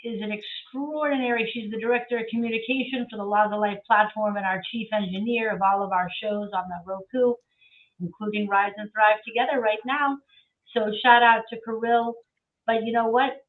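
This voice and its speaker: A woman's voice: fairly high pitch, steady tone, a little fast. A woman speaking as a guest on a talk show, effusive and repeating phrases for emphasis, over a remote call. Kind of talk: casual talk-show conversation. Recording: tinny remote call from far off.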